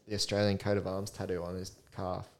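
A young man hosts a laid-back podcast chat. His voice sits low and comes across smooth and clear. He rattles through lists of match predictions and laughs often. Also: completely flat delivery, fairly quick. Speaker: podcast host.

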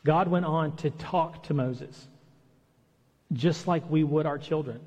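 A man's voice: on the high side, slow, mellow, in a large hall, dull audio. A man preaching a sermon in a conversational way, acting out the lines he quotes. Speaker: pastor. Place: church hall.

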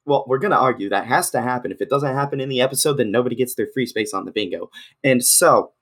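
Male co-host, gravelly low rasp, casual and rambling. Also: fast, fairly bright tone. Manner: loose, rambling, with many fillers. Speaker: podcast co-host. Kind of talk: casual chat.

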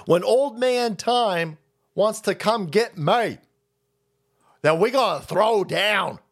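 A man hosting a livestream, ranting in a profane, mocking way and laughing often. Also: high-pitched. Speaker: livestream host.

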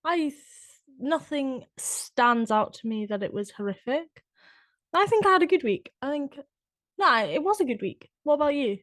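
A woman's voice: high voice, lively intonation, fairly bright tone, no echo. English woman on a dry close mic. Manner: self-deprecating, quick agreeing interjections. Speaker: podcast co-host, fitness instructor. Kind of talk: casual chat.

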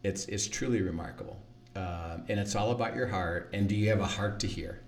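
A man's voice: lowish voice, fairly quick, distant mic, slight background noise. A man teaching the Bible in conversation, earnest, acting out quoted lines and often repeating words.

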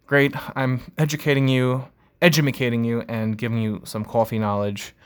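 A man hosting his own podcast, rambling casually with many fillers and making jokes at his own expense. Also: medium pitch. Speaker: podcast host. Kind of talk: casual solo podcast chat.

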